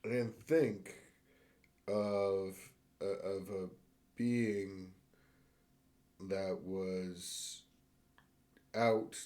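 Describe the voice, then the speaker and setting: A man with a somewhat low voice plays in a tabletop role-playing game. He asks about the rules hesitantly and takes his time finding his words. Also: steady tone, a little mellow. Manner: hesitant, slow to phrase questions. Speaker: player. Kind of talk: casual tabletop play.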